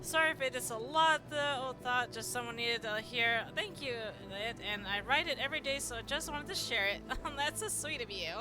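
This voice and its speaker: Chatty higher-pitched woman streaming. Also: moderate pace, hardly any pauses. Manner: chatty, thanks viewers, stumbles reading aloud. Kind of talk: live game streaming chat. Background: game music.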